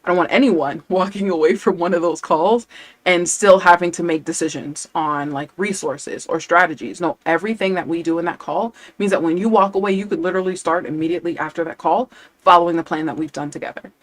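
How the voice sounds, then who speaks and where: A woman's voice: on the low side, fairly quick. Chatty, enthusiastic woman language coach. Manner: enthusiastic, chatty, laughs often. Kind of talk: casual live-stream chat.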